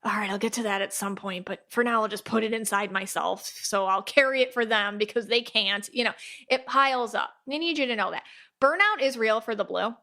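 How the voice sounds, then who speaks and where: A woman hosts a podcast in a casual, chatty way, animated and quick to act out little quoted voices. Her voice is bright and sits a little high. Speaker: podcast host, aura reader.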